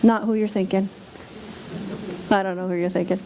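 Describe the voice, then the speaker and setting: A woman's voice: mid-range voice, flat delivery, moderate pace, mellow, a little hiss or hum. A woman giving a sermon as a spiritual speaker, candid and self-deprecating, sometimes mocking her own angry outbursts.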